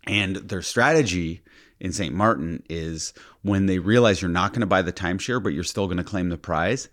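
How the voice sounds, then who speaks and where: A man co-hosting a podcast, retelling a story in casual chat with a teasing, animated manner. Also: low voice, normal speed. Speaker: podcast co-host.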